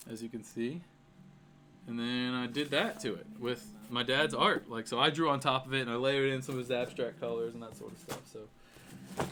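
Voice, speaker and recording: A man in his thirties chats on a livestream as he shows his art, rambling and heartfelt. His voice sits at an ordinary middle pitch. He drifts through fillers and restarts as he goes. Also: a bit bright. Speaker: artist livestreaming his work. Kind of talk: casual livestream chat.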